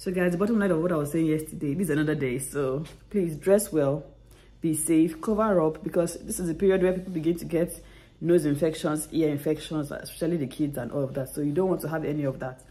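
This 30-something woman has a deep, dark, husky voice and talks fast. She's vlogging on her phone outdoors in winter, walking streets and snow, chatting casually and laughing frequently with viewers.

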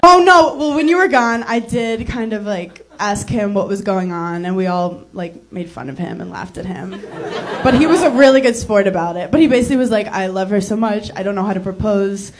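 A woman stand-up comedian in her thirties teasing the audience with brash, quick banter on a club stage. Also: mid-range voice, expressive. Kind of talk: stand-up crowd work. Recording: live club recording with crowd noise. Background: audience laughter and noise.

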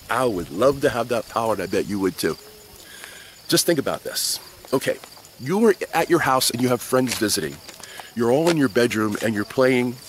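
A man teaching Sunday school, telling a Bible story to children in an animated way and checking in with them. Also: mid-range voice, slight background noise. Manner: animated storyteller who keeps checking in with the kids.

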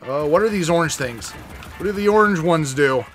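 A man giving comedic gameplay commentary, animated and shouty, slipping in and out of put-on voices. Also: a little high, moderate pace, soft background music. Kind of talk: comedic let's play commentary.

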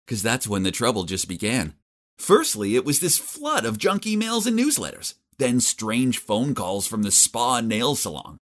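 A man telling a first-person animated story in an expressive, jokey, self-deprecating way. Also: fairly low pitch. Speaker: narrator.

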